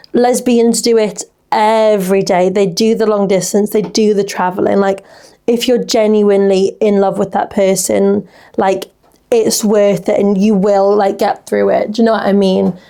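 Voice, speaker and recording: A woman's voice: medium pitch, mellow. A young woman from England, hosting a podcast in casual, chatty talk and giving frank advice. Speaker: podcast host reading listener messages. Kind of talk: casual chat.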